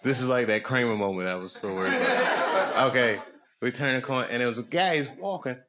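A man doing loose stand-up storytelling on a comedy club stage. He rambles, dropping to low mutters and then rising into loud, excited bursts. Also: brisk. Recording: noisy live club recording.

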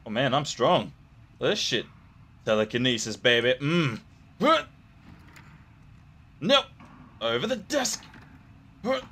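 A young man talking through a horror game, cracking crude jokes and yelping at scares. His pitch swoops lively up and down as he reacts. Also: slow, pauses often, husky. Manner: jokey, profane, jumpy reactions. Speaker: gamer playing a horror game. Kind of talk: gameplay commentary.

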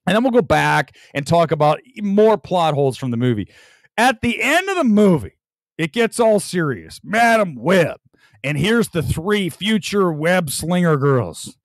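A man's voice: high-pitched, unhurried, no echo. A male host ranting about a movie on a live stream, mocking it and laughing often as he talks. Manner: animated, mocking, laughs a lot while ranting.

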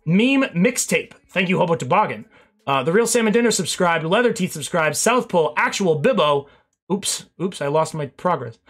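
A man's voice: sits high, expressive, normal speed, fairly bright tone, slightly rough. A young man streaming, rambling casually through thank-yous to his chat and swearing now and then, a little out of breath.

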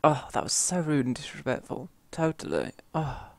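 A man's voice: on the high side, moderate pace, vocal fry, no echo. A man from the UK with a British accent, commenting on his own gameplay and yelping and grumbling at the game. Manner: excitable, yelps and grumbles at the game. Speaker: gamer. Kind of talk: let's play commentary.

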